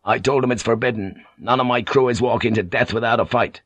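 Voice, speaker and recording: A man as a calm commanding ship's pilot. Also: mid-range voice, fairly quick, no echo, muffled recording, close to an everyday voice. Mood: firm. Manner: quiet, firm.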